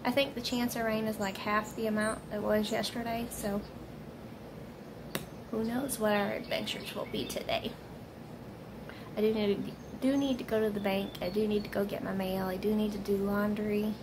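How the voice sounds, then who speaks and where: Chatty woman with a gravelly voice. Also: mid-range voice, flat delivery, moderate pace, noisy background. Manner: chatty and rambling. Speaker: vlogger. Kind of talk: casual chat to camera.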